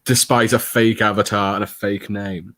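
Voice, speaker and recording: A man co-hosting a casual live stream, sardonic and sweary with quick asides. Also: lowish voice, flat delivery, a bit bright, dry recording. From England. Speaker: co-host. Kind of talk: casual banter.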